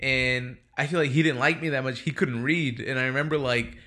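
A man's voice: medium pitch, fairly even intonation, fairly quick, sharp tone. A young man casually telling rambling, profane work stories, with lots of "like" and cursing. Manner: rambling and profane, heavy use of "like". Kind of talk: casual chat, storytelling.

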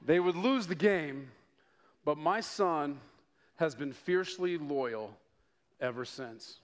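A middle-aged man from Denver preaching a sermon to his congregation, telling stories with playful asides and mounting excitement. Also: fairly high pitch, slow pace. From Denver, United States. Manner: animated storytelling with rising excitement and playful asides. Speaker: pastor.

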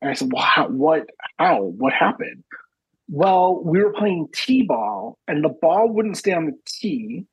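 A man in his thirties, a podcast co-host, telling a story in casual chat, profane and animated, acting out the dialogue. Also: a little high, a little slow, slightly rough, no room sound, rough recording.

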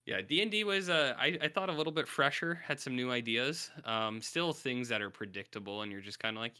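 A man's voice: medium pitch, normal speed, sharp tone, clean tone, dry recording, studio quality. A man co-hosting a podcast in a casual, rambling chat, laid-back and sometimes swearing. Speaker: podcast co-host.

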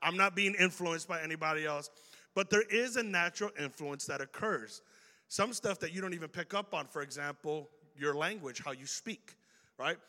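A young man from Chicago with a Chicago accent, preaching a casual, animated sermon to a youth crowd and acting out quoted exchanges. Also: on the high side, moderate pace. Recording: long hall reverb.

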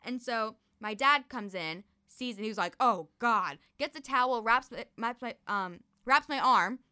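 A young woman telling a story in a casual chat, animated and laughing often. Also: a little high, moderate pace, smooth.

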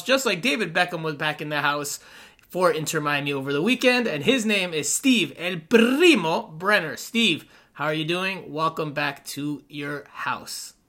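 Male podcast co-host, bright and slightly high voice, upbeat and jokey, casual sports talk. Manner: upbeat, jokey, laughs often.

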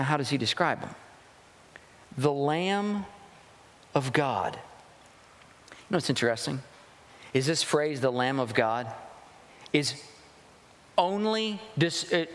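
A man preaching a sermon as pastor, animated and dramatic, acting out quotes as he teaches. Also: sits high, in a large hall.

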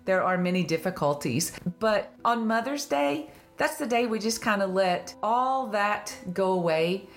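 A woman's voice: mid-range voice, lively intonation, a little slow. A woman with a Southern country accent hosting a casual faith-based podcast, laughing often and telling stories with animation. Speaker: podcast host.

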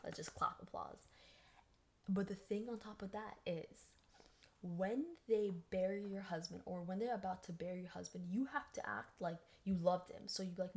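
A woman's voice: medium pitch, normal speed. A woman hosting a podcast, telling a story in a casual, chatty way and acting out quoted voices. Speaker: podcast host.

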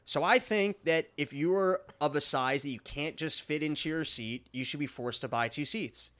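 A man co-hosting a casual chat, telling stories in an animated way. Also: fairly high pitch, normal speed. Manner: animated storytelling, laughing often.

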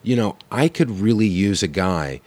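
A man's voice: on the low side, lively intonation, normal speed, a little mellow, dry recording. A man telling a long story in a casual podcast chat, swearing freely and acting out the lines of the people in it. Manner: profane storyteller acting out quoted dialogue.

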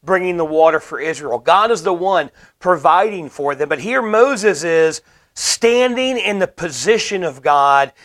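Man, preacher, sermon, earnest, emphatic repetition, slightly high voice. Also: lively intonation, measured pace, fairly bright tone.

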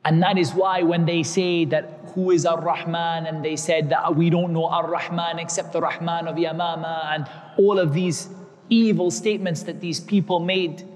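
A man's voice: fairly high pitch, flat delivery, normal speed, big-room sound. A man giving a religious lecture, explaining terms patiently and repeating key words. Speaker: Islamic teacher.

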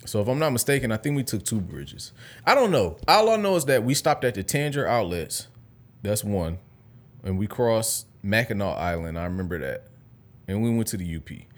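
Young man, from Detroit, lowish voice, laid-back, slangy, casual chat. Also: sing-song, normal speed. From Detroit, Michigan.

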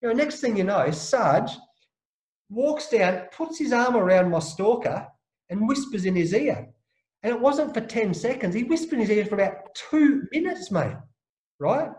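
Man from Australia, high voice, roomy echo, lively slangy storyteller. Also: normal speed. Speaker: guest, former cricketer. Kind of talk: animated anecdote telling.

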